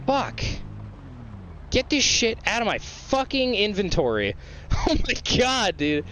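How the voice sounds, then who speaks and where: Young man, gaming commentary, excitable, lively swooping pitch, slightly high voice, faint hiss behind. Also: slow pace. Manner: excitable, swears a lot, shouts at the game; mocking sing-song voice when quoting the game. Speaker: gaming streamer. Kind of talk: live gameplay commentary.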